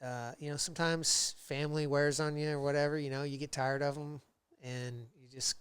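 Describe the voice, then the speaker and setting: A man guesting on a podcast, telling his work history in a rambling, casual way with many fillers, and getting animated when he retells old conversations. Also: fairly high pitch, moderate pace, clear, resonant tone, no room sound. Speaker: podcast guest, metal fabricator. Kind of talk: casual interview storytelling.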